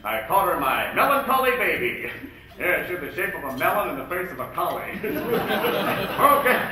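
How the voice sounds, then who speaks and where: High, bright-voiced comic emcee in a hall. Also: male voice, very animated, some chatter behind, slight background noise. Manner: rapid-fire jokes and impressions, jumping in and out of voices. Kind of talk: comic impressionist emcee routine. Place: luncheon event hall. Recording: echoey hall, far from the mic.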